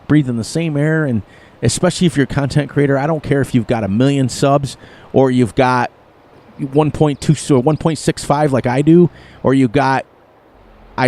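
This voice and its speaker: A man's voice: mid-range voice, darkish tone. A middle-aged man chatting casually to his audience on a live gaming stream, rambling and chuckling as he plays. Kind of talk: casual live-stream chat while playing a farming game.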